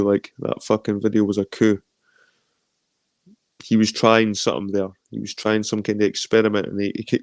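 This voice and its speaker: Scottish guy rambling on a stream, sweary and jokey, lowish voice, dry close mic. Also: a little mellow, no echo. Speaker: stream host. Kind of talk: casual chat reading viewer comments.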